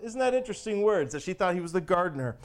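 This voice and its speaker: A man's voice: high voice, big pitch swings, fast talker. A man preaching a sermon in an emphatic, conversational way, repeating phrases for weight.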